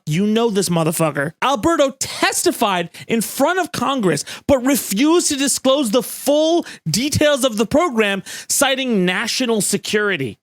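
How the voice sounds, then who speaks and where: A young man rants through political commentary, cursing freely and dripping with sarcasm. His pitch leaps around animatedly from mocking highs to disdainful lows. The sound is dry and close, with no room echo. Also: fairly bright tone. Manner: profane, sarcastic, heated, mocking impressions.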